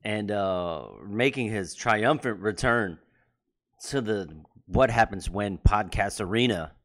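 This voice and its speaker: Low-voiced joking male podcast host. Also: slow pace, fairly bright tone. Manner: hype-man introductions, loose and joking. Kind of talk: casual chat.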